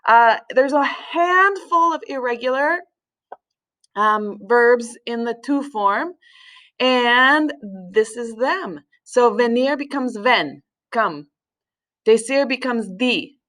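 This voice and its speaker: A woman Spanish teacher explaining grammar patiently, with fillers and pauses. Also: a little high, a bit bright. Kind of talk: recorded classroom lesson.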